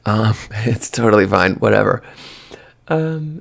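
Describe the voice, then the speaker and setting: Man, vlogger, husky low voice, casual opinionated rant. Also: a little fast. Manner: ranting, exasperated, animated.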